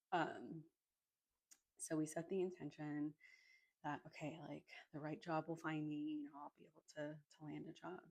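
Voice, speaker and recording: A woman from Arizona tells her story straight to the camera in a loose, chatty way, filling her sentences with "like." Her voice sits fairly low and has a husky edge with a gravelly fry at the ends of phrases. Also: steady tone, normal speed, a little mellow. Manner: chatty, many "like" fillers, casual swearing. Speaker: energy healer and Reiki practitioner. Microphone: microphone in front of her.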